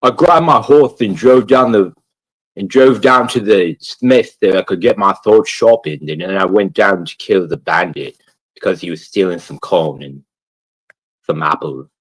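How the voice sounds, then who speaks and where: A man doing an impression of a lisping medieval male game character who rambles through run-on stories in a husky low voice. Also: measured pace, no room sound, poor audio. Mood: rambling. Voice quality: lisp.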